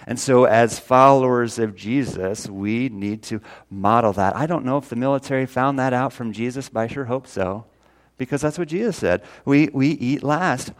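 In a mid-range voice at normal speed, a man preaches earnestly and with plenty of energy, in a folksy style. He's a pastor, and scripture quotations bring his voice up loud. He briefly grows tearful.

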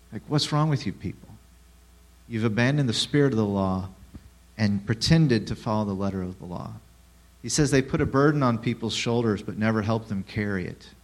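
A man preaching a sermon who asks the listeners rhetorical questions, drops in sarcastic asides and swings between hushed and loud delivery. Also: on the low side, moderate pace. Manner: rhetorical questions, lively shifts in loudness.

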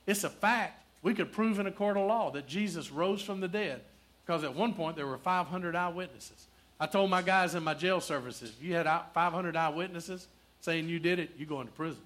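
A male pastor preaching a sermon in church, quoting Scripture, asking the room for answers, and softening into prayer. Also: on the high side, moderate pace. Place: church, also streamed online.

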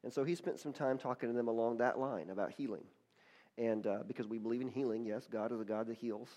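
Male pastor, mid-range voice, retelling a story in a sermon, halting restarts, climbs into fervent praise. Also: mid-range voice, warm tone. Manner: repeats and restarts words often, rising to fervent praise.

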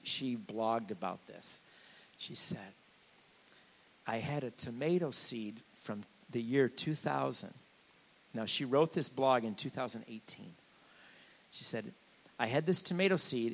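A man giving a sermon as a guest preacher, conversational and joking, with sudden swings from quiet asides to loud declarations. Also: mid-range voice, creaky, rough recording. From Sicilian family.

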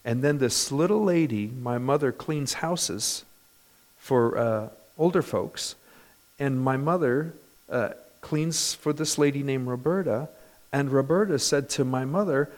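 A male pastor preaching a sermon in a church, animated, with bursts of loud emphasis. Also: medium pitch, a little slow.

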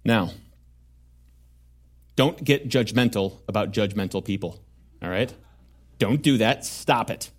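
A man's voice: lowish voice, slow pace, long pauses. A male pastor delivering a sermon to his church in an earnest, conversational way, with frequent asides to the congregation.

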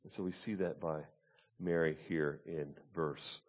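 A pastor, preaching a conversational Bible-teaching sermon and often checking in with the congregation with "Okay?" and "Amen?". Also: male voice, rumbling low, fairly even intonation, measured pace.

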